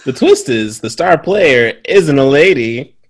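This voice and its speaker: Male podcast co-host, mid pitch, very lively intonation, frequent laughs. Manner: animated, laughs often, drawn-out sarcasm. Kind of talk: casual chat reviewing a movie.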